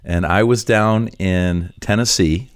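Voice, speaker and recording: A man's voice: low voice, slow pace, dry recording, studio quality. A Canadian man co-hosting a podcast, chatting casually and laughing often. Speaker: podcast co-host, pastor. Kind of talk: casual chat.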